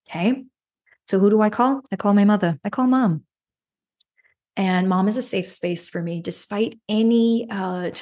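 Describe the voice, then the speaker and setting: A woman podcast host shares a personal story and earnest self-help advice, repeating phrases and often tacking on a questioning "right?". She has a mid-range voice with a darkish tone.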